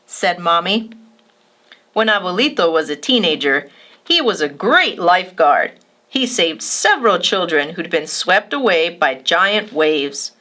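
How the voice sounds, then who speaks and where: A woman reads a children's storybook aloud at a slow, unhurried pace. Her bright voice is higher than most and rises and falls very expressively. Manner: expressive, gentle bedtime reading. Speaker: storybook reader.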